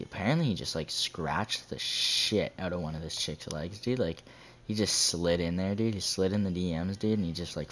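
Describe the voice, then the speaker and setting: Deep-voiced young guy, slangy and profane. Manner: profane, slangy, says "dude" constantly. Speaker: gaming vlogger. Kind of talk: casual storytelling over gameplay.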